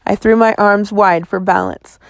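A woman reading a children's novel aloud in a measured storytelling manner. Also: medium pitch, big pitch swings, no room sound. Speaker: audiobook narrator.

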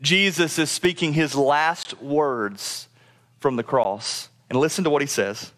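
Emphatic preaching man, slightly high voice. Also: unhurried, fairly bright tone. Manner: emphatic preaching, voice rising and dropping low on key phrases; repeats words when speeding up. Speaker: pastor. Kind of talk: sermon.

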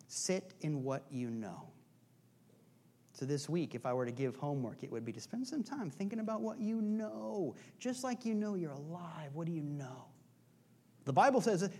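A pastor preaching a sermon in a conversational, joking way, asking rhetorical questions again and again and sometimes dropping to a soft, hushed delivery. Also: medium pitch.

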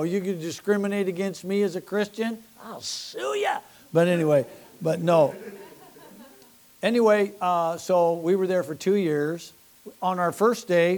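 An older man, a pastor, telling church-planting stories in a folksy, animated sermon with laughs and asides. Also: sits high. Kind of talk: sermon storytelling.

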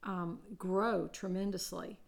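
Older woman, podcast guest, sincere, measured, slow pace, gravelly voice. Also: lowish voice, steady tone. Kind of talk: casual chat.

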